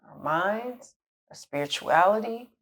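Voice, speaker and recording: A woman's voice: mid-range voice, expressive, a little slow, fairly bright tone. A middle-aged woman coach giving candid, conversational relationship advice, laughing at her own jokes now and then. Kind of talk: casual advice talk to camera.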